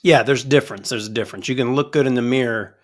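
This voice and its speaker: A man co-hosting a wrestling podcast, chatting casually in a relaxed, joking way that often trails off. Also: medium pitch, fast. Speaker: podcast co-host.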